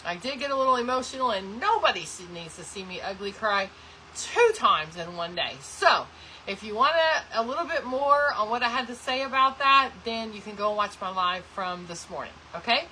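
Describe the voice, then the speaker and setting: A woman chats through a crafting livestream and talks to her viewers by name. Her voice sits a little high and rings bright and forceful, and a faint hum of room noise runs underneath. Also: lively intonation, normal speed, rough recording. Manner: chatty and rambling, addresses viewers by name. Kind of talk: casual chat while crafting, reading viewer comments.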